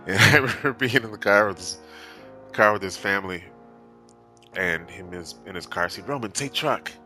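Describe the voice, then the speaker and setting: Man, podcast co-host, fairly low pitch, swears freely, faint music behind. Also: moderate pace, pushed and bright. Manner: laughs hard and swears freely. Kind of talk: casual chat.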